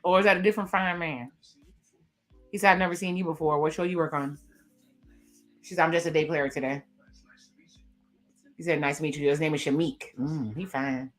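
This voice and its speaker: A woman with a somewhat low voice talks through a TV episode in a casual, chatty recap. She is expressive and reads the characters' lines aloud as she goes. Faint music sits behind her. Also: a little fast, pauses often. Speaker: reaction video host.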